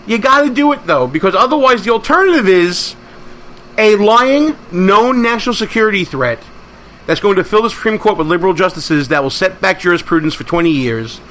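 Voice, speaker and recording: Bright-voiced, high-pitched male host. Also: expressive, a little fast, a little hiss or hum. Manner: emphatic, rallying, conversational. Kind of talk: political talk show commentary.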